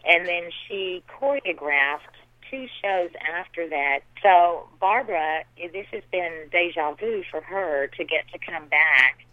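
A middle-aged woman from the American South, a theater director answering interview questions and warmly praising her colleagues. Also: lowish voice, no echo. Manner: warm, enthusiastic praise of colleagues. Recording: tinny phone-line sound.

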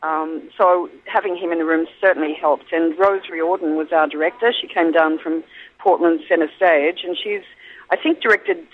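A woman with an Australian accent, a guest actor chatting by phone from an airport, thinking aloud with frequent ums and restarts. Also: on the low side. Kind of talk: casual interview over the phone. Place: airport waiting area. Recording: tinny phone line.

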